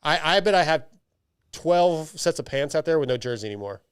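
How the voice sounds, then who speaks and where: A man's voice: fairly high pitch, expressive, brisk, clear, resonant tone, no room sound, studio quality. A man hosting a podcast, chatting casually and reading listener emails in a loose, joking way with lots of restarts. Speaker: podcast host.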